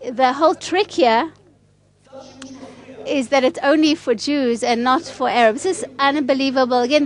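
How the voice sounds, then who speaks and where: A woman giving an earnest conference speech in a hall, asking rhetorical questions. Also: high voice. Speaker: conference speaker.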